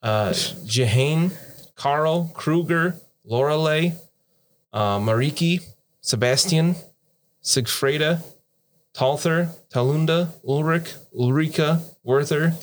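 A man hosting and running a tabletop role-playing game in casual chat, easygoing and quick to laugh. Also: a little high. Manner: easygoing, laughs often, reads out lists. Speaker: game master and host.

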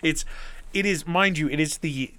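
A young man telling a story in casual chat, animated, swearing freely and acting out the people he quotes. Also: fairly high pitch, normal speed.

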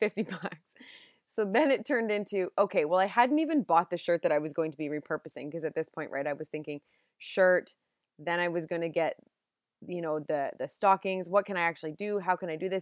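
A woman's voice: fairly low pitch, no room sound, clean studio sound. A young woman hosting a podcast, telling a story in a chatty, self-deprecating way and laughing at herself. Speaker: podcast host. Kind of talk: casual storytelling monologue.

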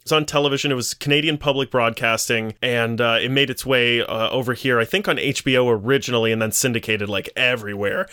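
A man's voice: medium pitch, quick pace, hardly any pauses, clear, resonant tone. A man co-hosting a podcast, chatting casually and acting out the lines he retells. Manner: animated storytelling, acts out quoted lines. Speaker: podcast co-host. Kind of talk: casual chat.

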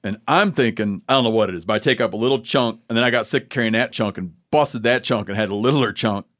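A man's voice: lowish voice, fast talker, fairly bright tone. A man hosting a podcast, telling a rambling, joking story in casual chat. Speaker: podcast host.

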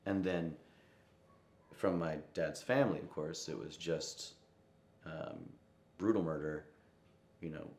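Taking it slowly, a young man with a very low, deep voice reflects on a personal story during an interview about his life as a musician. He drifts into soft quoted asides, and the room echoes noticeably around him.

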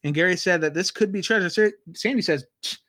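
A man co-hosting a casual chat, talking in an animated way with lots of filler words. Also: sits high, fast talker, no echo, studio quality. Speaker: podcast co-host. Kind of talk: casual chat recapping a TV episode.

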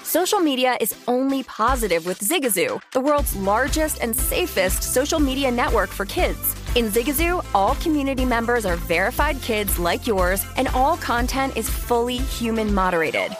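A woman's voice: on the high side, expressive, moderate pace, few pauses, music in the background. A woman reading a commercial in an upbeat, promotional way. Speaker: ad announcer. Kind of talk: commercial read.

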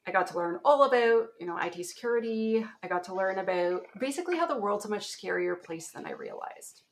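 A woman's voice: mid-range voice, lively intonation, brisk, a little hiss or hum. Canadian woman guest, 40s, chatty storyteller who laughs a lot. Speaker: guest, application security author. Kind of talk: casual interview chat.

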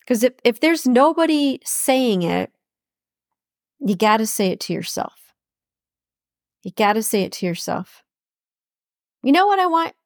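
A woman with a slightly high voice hosts a solo podcast, recorded dry with studio quality. Her tone is warm and affirming as she offers imagined words of encouragement, repeating her supportive phrases.

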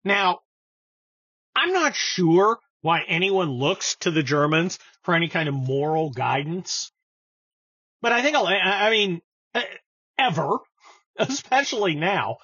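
A man's voice: high-pitched, sing-song, slow, long pauses, bright, forceful tone, slightly rough, no room sound, highs cut off. A man giving sarcastic, scornful political commentary on his show, often stumbling and restarting his sentences. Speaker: political podcast host.

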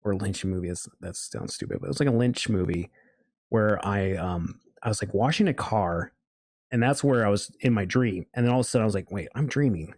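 A man's voice: fairly low pitch, brisk, a little mellow, no echo, studio quality. A man telling a long story in a casual, rambling way, full of fillers and restarts. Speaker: guest.

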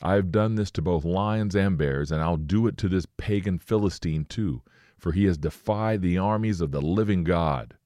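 A man's voice: low voice, moderate pace, mellow, no echo, clean studio sound, natural voice. A man voicing a bold, indignant young shepherd hero while reading scripture aloud.

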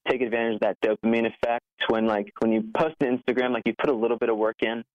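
On a dull, muffled lo-fi recording, a man who founded an app appears as a guest in a conversational podcast interview. His voice is medium-pitched and level, and he talks fast. He's earnest, with lots of "like" fillers and a nervous laugh, and there's no echo.

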